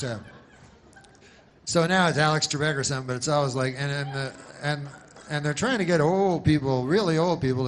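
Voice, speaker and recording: A male stand-up comedian telling jokes in a deadpan, rambling way, with many restarts. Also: mid-range voice, a little hiss or hum.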